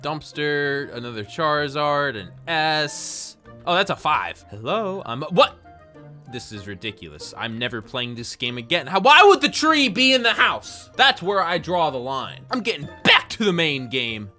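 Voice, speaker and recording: A man's voice: a little high, wildly swooping pitch, moderate pace, bright, forceful tone, soft background music. A young man giving playful, jokey let's-play commentary, talking to himself with sudden yelps. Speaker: gaming YouTuber.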